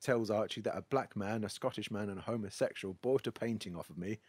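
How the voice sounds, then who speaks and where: A man's voice: fairly low pitch, fairly quick, slightly rough, no room sound. A man hosting a podcast, wryly recapping a film plot in a casual, storytelling way. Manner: wry, storytelling. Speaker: podcast host.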